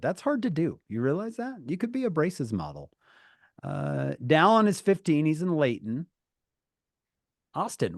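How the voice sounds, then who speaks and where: A man's voice: on the high side, gravelly, no room sound, clean studio sound. A man hosting a youth group on a video call, greeting each person in a playful, teasing way. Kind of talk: casual chat on a video call.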